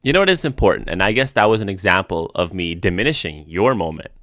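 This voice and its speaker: A man's voice: deep voice, expressive, fast, a bit bright. A man co-hosting a casual podcast, talking in a rambling way with lots of fillers. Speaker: podcast co-host.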